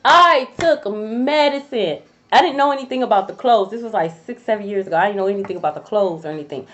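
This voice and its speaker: A woman who reads tarot, telling a story to her viewers in a blunt, profane, animated way, addressing them as y'all. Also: mid-range voice, very fast. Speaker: tarot reader. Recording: dull lo-fi recording.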